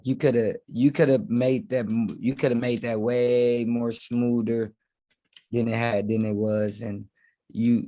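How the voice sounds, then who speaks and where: Dude reacting to a clip, slangy and rambly, bro this bro that, mid-pitched voice. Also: male voice, a little mellow. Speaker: reaction commentator. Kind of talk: casual reaction commentary.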